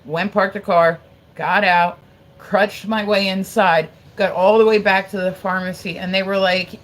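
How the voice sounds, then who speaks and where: A woman's voice: mid-range voice, little pitch movement, normal speed, poor audio. A woman in her forties telling a long story on a livestream in a casual, rambling way. She swears freely, leans on "like" constantly, and breaks off to thank viewers. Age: 40s. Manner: chats to viewers between stories.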